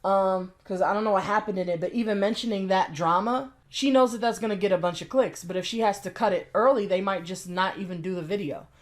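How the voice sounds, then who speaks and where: A woman giving a blunt, exasperated reaction commentary, cussing as she picks apart someone's story. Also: mid-range voice. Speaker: commentary YouTuber.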